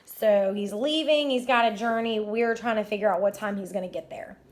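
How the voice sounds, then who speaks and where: A woman teacher with a medium pitch and moderate pace works through math problems aloud, step by step. She's upbeat and encouraging throughout the walkthrough.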